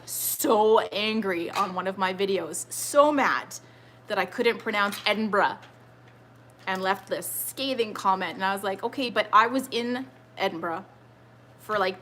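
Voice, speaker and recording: Woman, thirties, trivia live-stream host at home: bright, talkative, easygoing rambler who reads the chat aloud. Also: mid-range voice, slight background noise. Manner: chatty, rambling, reads viewer comments aloud. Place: home with children nearby.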